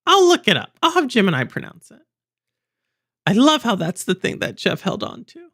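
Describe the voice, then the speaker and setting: A woman's voice: fairly high pitch, wildly swooping pitch, normal speed, fairly bright tone. A young woman hosting a livestream, rambling and chatting with viewers, laughing often. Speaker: livestream host. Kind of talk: casual stream chat.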